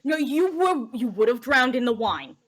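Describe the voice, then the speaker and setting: A woman's voice: sits high, very animated, moderate pace. A woman playing in a tabletop game stream, chatting casually in a playful, joking way. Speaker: player.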